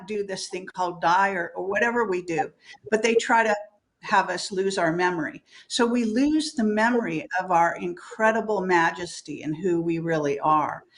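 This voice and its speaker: Older woman interview guest, emphatic, profane, laughs easily. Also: medium pitch. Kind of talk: candid spiritual interview talk.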